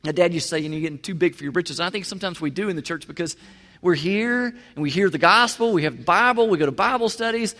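A man's voice: high-pitched, animated, fast, pushed and bright. A man preaching a sermon as pastor, talking in a conversational way, repeating words and acting out quotes. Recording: reverberant hall.

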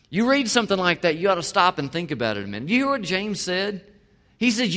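A male pastor preaching a sermon, swinging from emphatic to quiet. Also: high-pitched, very animated, quick pace. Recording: long hall reverb.

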